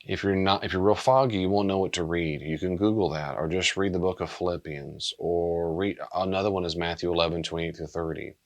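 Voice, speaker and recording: Male pastor, middle-aged, deep voice, earnest and plain-spoken, subdued delivery. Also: fairly even intonation, a little fast, hardly any pauses, highs cut off. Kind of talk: pastoral teaching talk.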